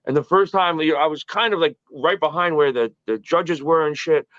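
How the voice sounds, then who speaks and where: A man's voice: fairly high pitch, a little fast, a bit bright, no room sound, dull audio. A man in his early forties, a podcast guest, telling stories in a casual, profane, rambling way. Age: early 40s.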